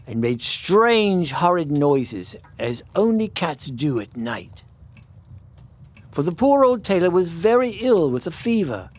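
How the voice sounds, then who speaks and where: A man, a priest, reading a classic children's story aloud in an expressive, melodic way. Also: a little high. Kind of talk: storybook narration.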